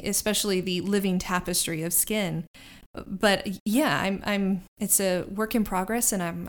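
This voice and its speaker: A woman's voice: lowish voice, close to an everyday voice. A woman voicing an earnest young female tattoo artist who stammers and hesitates as she talks. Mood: enthusiastic.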